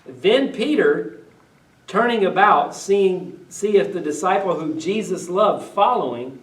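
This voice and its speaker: Male pastor, slightly high voice, conversational sermon with congregation questions, roomy distant sound. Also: expressive, slow pace. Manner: reads old-style scripture then retells it in everyday talk, questions the congregation. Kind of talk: conversational sermon with scripture reading. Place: church sanctuary. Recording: echoey room, voice from a distance.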